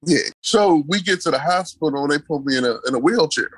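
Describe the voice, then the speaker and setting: Man, interview guest, personal storytelling, emphatic repetition, slightly high pitch, dry sound. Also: animated, quick pace, fairly bright tone, husky, dry recording. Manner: emphatic, repeats key phrases; casual, colloquial delivery.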